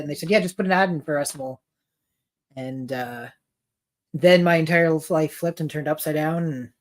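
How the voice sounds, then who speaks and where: A man's voice: a little high, a little mellow. A man co-hosting a livestream, chatting casually in a laid-back way with dry quips. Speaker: co-host of a livestream.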